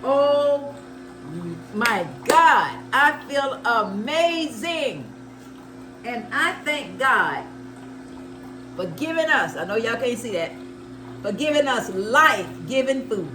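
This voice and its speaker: Woman, 70s, higher voice, repetitive preachy vlogger, faint background hiss. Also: animated, slow, roomy sound. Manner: exclamatory and preachy, repeats phrases. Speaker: health vlogger. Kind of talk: casual chat while juicing.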